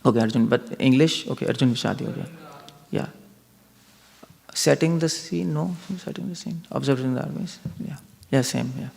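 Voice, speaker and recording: A man's voice: mid-range voice, normal speed, creaky, a little mellow, in a large hall. A man giving an interactive spiritual lecture, posing questions and reasoning them through with his audience. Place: large temple hall.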